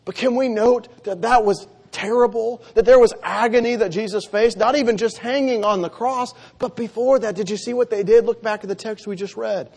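High-voiced earnest male preacher. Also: normal speed, vocal fry, few pauses, darkish tone, breathy edge. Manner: earnest, emphatic, dropping low for solemn lines. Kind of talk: sermon.

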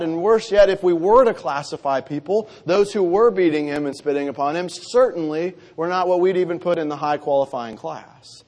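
A man preaching a sermon, reading scripture and speaking earnestly, with emphatic repetition and quiet, solemn drops. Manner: earnest, emphatic, dropping low for solemn lines.

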